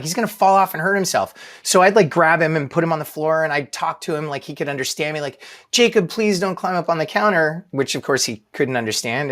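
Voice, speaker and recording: A man's voice: on the high side, a bit bright. Casual man giving a talk. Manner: casual, self-deprecating storytelling with audience questions. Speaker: leadership speaker. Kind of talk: live talk to an audience.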